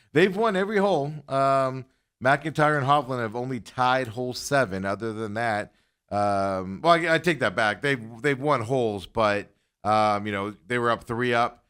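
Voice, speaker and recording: A man's voice: mid-range voice, measured pace, a bit bright, clear, resonant tone. A man hosting a casual sports talk show, joking and chuckling between his points. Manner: joking, chuckling often, restarts.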